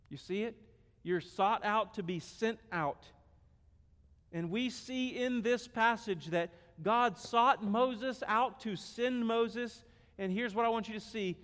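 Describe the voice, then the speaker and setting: High-voiced emphatic pastor. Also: male voice, unhurried, fairly bright tone. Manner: emphatic, repetitive preaching. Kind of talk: sermon. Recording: echoey hall.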